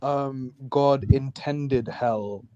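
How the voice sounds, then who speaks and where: A man hosting a casual livestream discussion from a video call, with a mellow, warm tone. He probes with questions and restates the other speaker's points back. He also slips in jokes as he goes. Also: medium pitch, very slow, smooth, muffled recording. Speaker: livestream host.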